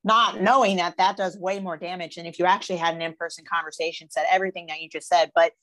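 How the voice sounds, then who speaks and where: A woman with a fairly low voice talks frankly and emphatically in a casual podcast chat. Her voice sounds dry and close, with slangy, everyday phrasing. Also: steady tone, quick pace, a bit bright, no room sound. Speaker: podcast co-host.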